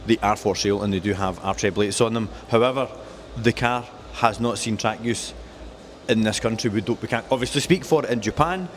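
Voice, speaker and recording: A man's voice: lowish voice, a little fast, slight background noise. A man presenting cars at a dealership in casual, jokey chat, rattling off specs with enthusiasm. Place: car dealership.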